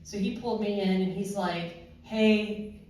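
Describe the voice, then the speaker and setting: A woman, a former first responder, shares her own story at a panel in a halting way, with many fillers and restarts. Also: mid-range voice, darkish tone, a little hiss or hum. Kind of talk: personal testimony at a panel. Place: large echoey room at a panel event. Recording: very echoey hall from far off.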